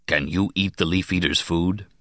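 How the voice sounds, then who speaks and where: A man's voice: sits low, steady tone, normal speed, a bit bright, no room sound, studio quality. A male narrator voicing a proud alien cat warrior who speaks in a formal, dignified way. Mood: solemn.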